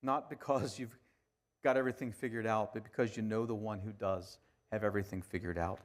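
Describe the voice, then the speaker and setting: A man delivering a sermon as a pastor, talking conversationally and swinging from hushed, quiet lines to emphatic ones. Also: lowish voice, steady tone, moderate pace.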